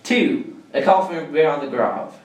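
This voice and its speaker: A man with a high, very lively voice reads out a countdown of jokes, leaping upward whenever he quotes someone. He sounds distant from the mic, with a roomy echo around him. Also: measured pace, soft background music. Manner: lively, jumps up in pitch for quoted lines. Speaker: joke reader.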